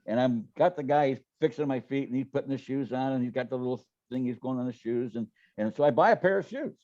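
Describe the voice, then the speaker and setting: A fast-talking man with a medium-pitched, darkish voice shares business anecdotes as a guest in a casual storytelling interview. He's folksy, often repeats words and acts out what people said; the audio has no echo and its highs are cut off.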